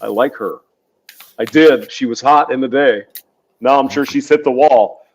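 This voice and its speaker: A man's voice: mid-range voice, normal speed. A man co-hosting a podcast in casual, crude banter, joking around. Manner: joking, crude, slips into mock accents. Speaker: podcast co-host. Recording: dull lo-fi audio.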